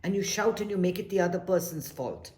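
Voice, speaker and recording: Low-voiced woman talking in an echoey room. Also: a little fast. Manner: animated, emphatic, repeats phrases, drops to soft whispers for emphasis. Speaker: speaker giving life advice. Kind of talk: casual reflective talk.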